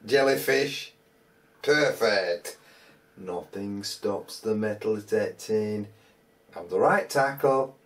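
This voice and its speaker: A man spins a casual spoken anecdote, colloquial and rambling, stopping and restarting his sentences as he goes. His voice sits a bit low. He sounds slightly distant from the microphone. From England. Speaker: metal detecting vlogger.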